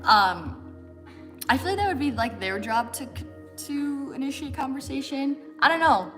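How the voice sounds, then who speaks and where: A woman's voice: high-pitched, animated, moderate pace, fairly bright tone. Chatty young American woman, faint music. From United States. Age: 20s. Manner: chatty, many fillers and "like", laughs often. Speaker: fitness livestream host. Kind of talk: casual chat answering viewer questions.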